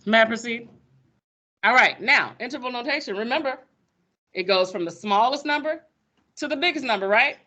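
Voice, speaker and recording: A woman's voice: on the high side, expressive, normal speed, pauses often, bright, forceful tone. A woman teaching a math class, sassy and playful with her students. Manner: sassy, playful, calls students sugar baby.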